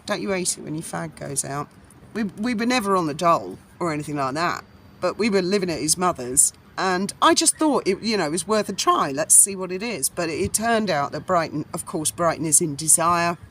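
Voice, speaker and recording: A woman's voice: fairly low pitch, lively intonation, brisk, fairly bright tone, slight background noise. A middle-aged Englishwoman tells a rambling, chatty story outdoors in a breeze. She is blunt and swears freely in the casual way of a vlog. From England. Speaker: vlogger.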